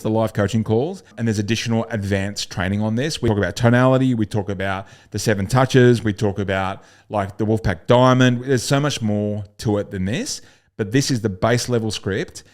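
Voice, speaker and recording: A man coaching gym owners on a sales script, blunt and swearing casually as he acts out calls. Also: fairly low pitch.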